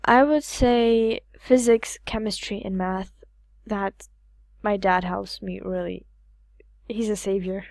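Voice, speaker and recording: A teenage girl from Slovakia answers her teacher's questions in English, her second language. Her voice sits at an ordinary middle pitch and her replies are short and plain. The recording is dry, with the mic close. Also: fairly even intonation, slow, vocal fry, darkish tone, no room sound. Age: teens. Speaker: student. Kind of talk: casual interview.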